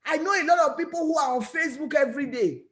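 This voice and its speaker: This high-pitched woman has a Nigerian English accent and talks fast. As a network marketing business owner, she delivers an energetic, preachy motivational speech, stumbling and repeating words as she drives her point home.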